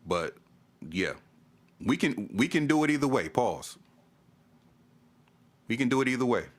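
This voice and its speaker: A man's voice: mid-range voice, very animated, unhurried. A man vlogging a fan rant, exasperated, repeating himself and stammering as he restarts. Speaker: sports vlogger. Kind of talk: ranting fan commentary to camera.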